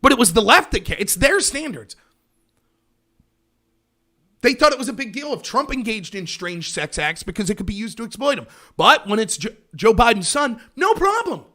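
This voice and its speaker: A man hosting a political livestream, talking in a sarcastic, animated way and mocking his opponents. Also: high-pitched, normal speed. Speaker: host of a political talk show.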